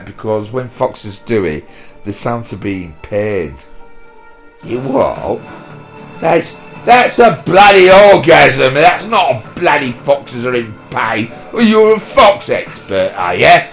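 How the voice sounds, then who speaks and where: A man's voice: mid-range voice, very animated, slow, fairly bright tone, soft background music, rough recording. Rowdy young man with a Yorkshire accent. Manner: rowdy, squabbling, swears mildly. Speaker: channel host. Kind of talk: improvised comedy banter.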